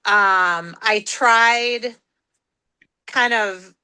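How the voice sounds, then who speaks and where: Woman on a video call, bright sharp voice, dry sound, kinda hesitant, lots of ums. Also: medium pitch, drawn-out words, smooth, no room sound. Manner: hesitant, with many fillers and hedges. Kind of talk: casual conversation on a video call.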